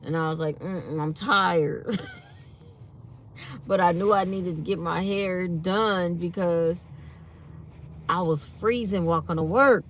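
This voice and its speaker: A woman's voice: fairly low pitch, takes it slowly, long pauses, a little hiss or hum. A tired woman hosting a casual morning chat with her viewers, reading comments aloud as she talks. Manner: chatty, reads live comments aloud. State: tired and yawning. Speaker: channel host.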